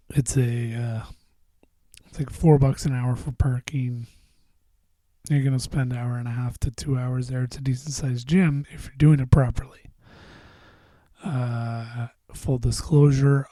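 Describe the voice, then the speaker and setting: Dark-voiced man rambling on a podcast. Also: medium pitch, fairly even intonation, unhurried, no room sound. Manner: rambling and profane, drifting into mumbles. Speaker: podcast host. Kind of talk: casual solo podcast monologue.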